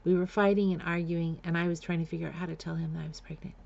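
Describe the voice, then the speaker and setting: A woman's voice: on the low side, flat delivery, quick pace, vocal fry, darkish tone, muffled recording. A woman frankly telling a personal life story in a blunt, confessional way. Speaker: memoir storyteller.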